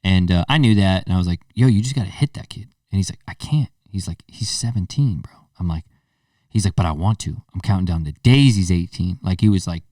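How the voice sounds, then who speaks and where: A deep-voiced podcast host in his thirties briskly tells a casual story, acting out the quotes with animated flair. The audio is studio quality with no room sound, recorded from a distance.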